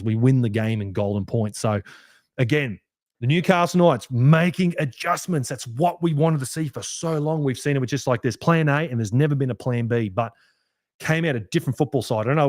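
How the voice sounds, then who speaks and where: Aussie bloke doing a footy review podcast, fired up and sweary, rambles a lot, dry close sound. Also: male voice, mid-range voice, no room sound. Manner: animated, sweary, rambling fan talk. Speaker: podcast host. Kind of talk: solo sports review podcast.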